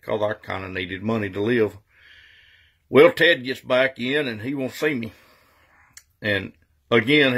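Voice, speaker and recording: A middle-aged man spins a casual ranch story. His voice sits a little low, and his telling is folksy and dryly funny. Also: fairly bright tone. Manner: folksy cowboy yarn-spinning with dry humor.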